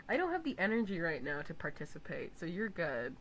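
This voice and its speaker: A young woman live streaming, chatting casually and teasing her viewers, breaking into loud laughs. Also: lowish voice, sing-song, moderate pace, a little hiss or hum, low-quality recording.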